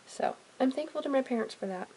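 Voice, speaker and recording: A woman's voice: high voice, expressive, quick pace, a little hiss or hum, poor audio. A woman chatting casually to camera from a home closet for her family vlog, rambling with plenty of "um" and "you know". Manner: chatty, frequent "um" and "you know", drifting softer. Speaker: family vlogger.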